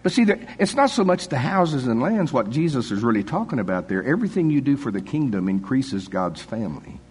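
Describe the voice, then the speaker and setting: A man's voice: mid-range voice, big pitch swings, brisk, a little mellow, breathy edge. An older man preaching a sermon in a folksy, conversational way, chuckling often.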